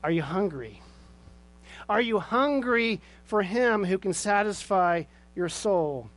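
A man's voice: sits high, a bit bright. A man preaching a sermon with earnest rhetorical questions, then leading a closing prayer. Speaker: pastor.

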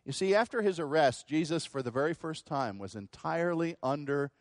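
A man's voice: animated, fairly quick, dry recording, studio quality. Man preaching with dramatic swings. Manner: dramatic, swings between loud quoted outbursts and low hushed asides. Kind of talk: sermon.

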